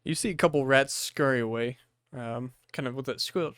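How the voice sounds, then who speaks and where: A man narrating a tabletop horror game as game master, descriptive and unhurried with frequent fillers. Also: mid-range voice, lively intonation, a bit bright, no room sound, clean studio sound.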